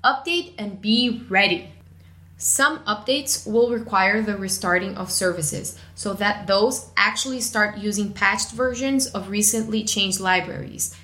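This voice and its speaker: A woman narrating a scripted podcast segment in a bright, crisp voice. Her phrasing is clear and measured. The recording has a noticeably roomy echo. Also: medium pitch. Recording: echoey room.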